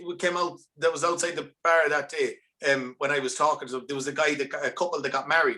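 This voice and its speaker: An Irish man, a band's lead singer, chatting as a guest on a podcast and telling animated, rambling stories with many restarts over earphones on a video call. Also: a little high, fast talker, few pauses. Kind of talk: casual podcast chat.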